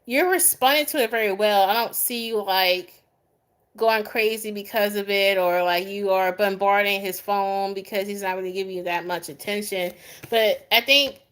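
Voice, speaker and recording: A woman's voice: medium pitch, normal speed, fairly bright tone. A young adult woman doing a live tarot reading, chatting with viewers by name in a goofy, easygoing way and laughing often. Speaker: tarot reader.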